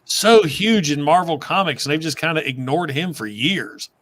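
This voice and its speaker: A man with a bright, somewhat high voice speaks as a guest on a livestream panel over a video call. He sounds eager and enthusiastic. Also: animated, moderate pace.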